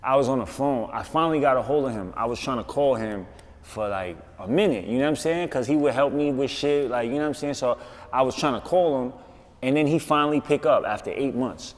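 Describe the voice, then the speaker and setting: A man with a New York accent, a guest on a podcast, telling a story in an insistent, animated way with street slang. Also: mid-range voice, a little fast, in a large hall. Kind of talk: casual podcast interview.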